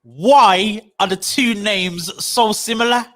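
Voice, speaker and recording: A man co-hosting a casual review chat, animated and slangy, often stammering as he restarts his sentences. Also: sits high, slow pace. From United Kingdom. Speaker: podcast co-host.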